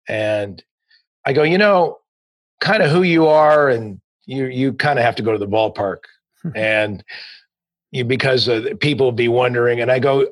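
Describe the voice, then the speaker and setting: Husky-voiced man telling a story. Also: mid-range voice, normal speed, dry recording. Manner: anecdotal, acts out both sides of phone calls. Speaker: sports agent. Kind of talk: interview storytelling.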